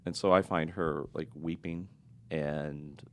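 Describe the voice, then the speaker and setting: A middle-aged man with an extremely deep voice and a rough, gravelly fry. He tells a personal story in a podcast interview, earnest and confessional, with a reflective tone. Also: moderate pace.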